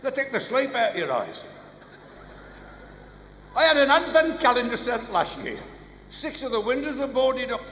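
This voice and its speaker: A man's voice: extremely high pitch, very animated, normal speed, long pauses. A man with a Black Country accent doing a live stand-up routine, firing off one-liners and short gag stories in a large venue. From English West Midlands. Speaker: stand-up comedian. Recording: live hall reverb, faint noise.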